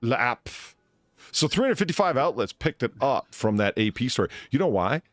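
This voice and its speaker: A man's voice: mid-range voice, very animated, moderate pace, no room sound, studio quality, faint music behind. Profane ranting man hosting a podcast. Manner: ranting, profane, reads news items then riffs. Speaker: podcast host. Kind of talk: casual comedic news chat.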